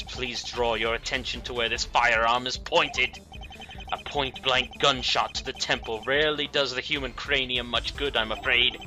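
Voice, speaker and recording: A man reading a cold, smug male mob boss with a put-on British accent, making unhurried, polite threats. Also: mid-range voice, natural voice.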